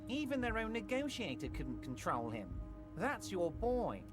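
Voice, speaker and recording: An actor voicing a smooth, ingratiating older male union boss in a video game, played over music. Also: high-pitched, wildly swooping pitch, measured pace, exaggerated voice. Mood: schmoozing. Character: scheming jovial old male union boss.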